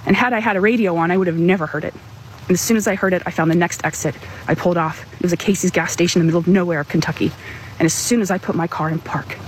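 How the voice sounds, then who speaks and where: A woman's voice: lowish voice, a little hiss or hum, low-quality recording. Earnest woman telling a personal story. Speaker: caller sharing a personal story. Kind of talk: emotional personal testimony.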